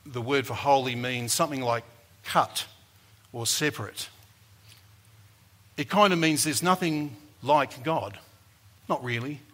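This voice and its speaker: A man preaching a sermon, rising to loud emphasis and falling back to soft, low lines. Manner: dynamic, builds to loud emphasis then drops soft.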